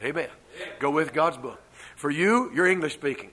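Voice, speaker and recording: An older man preaching a sermon as pastor, stressing slow repeated refrains between fast stretches. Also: on the high side, animated, pushed and bright, low-quality recording.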